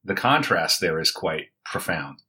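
A man hosting a casual chat and making measured, reflective remarks. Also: low-pitched, very animated, sharp tone, slight background noise.

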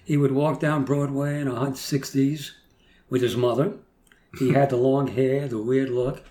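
An eighty-two-year-old man appears as a guest, reminiscing in casual chat and chuckling as he rambles through his stories. His medium-pitched voice is mellow, with little pitch movement and normal speed. There's a roomy echo and faint noise.

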